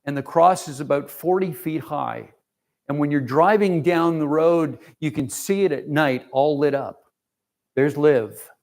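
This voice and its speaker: A man's voice: on the high side, a little slow, darkish tone. A man giving an informal, emotional mission report to a church congregation, rambling with fillers and restarts. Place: church sanctuary.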